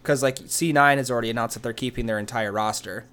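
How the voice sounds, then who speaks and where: A man's voice: medium pitch, quick pace, fairly bright tone, clean tone. Rambling man chatting about esports. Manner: rambling, many "like" fillers and restarts. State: hiccups. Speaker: podcast co-host. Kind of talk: casual esports chat.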